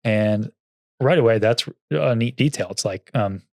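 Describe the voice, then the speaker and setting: A man's voice: lowish voice, a little slow, gravelly, no echo, clean studio sound. A man co-hosting a casual podcast, reading from an old magazine and laughing often. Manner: animated, laughs often, reads quotes aloud. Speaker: podcast co-host.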